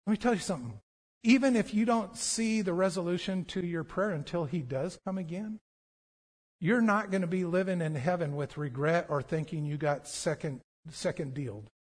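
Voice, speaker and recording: Male pastor, high voice, animated storytelling sermon, long hall reverb. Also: normal speed, breathy edge.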